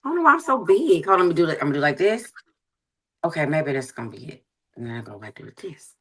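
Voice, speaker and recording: A woman's voice: low-pitched, big pitch swings, quick pace, slightly rough. A woman joining a casual live stream as a guest, bubbly and chatty. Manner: bubbly, chatty while fixing her camera.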